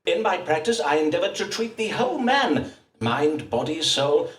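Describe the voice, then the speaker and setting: An actor playing a self-important Elizabethan astrologer-doctor in a game, speaking in grand, archaic phrases. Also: male voice, a little high, very animated, normal speed, fairly bright tone, echoey room, recorded from a distance. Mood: grandiloquent. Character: pompous Elizabethan astrologer-doctor, adult man.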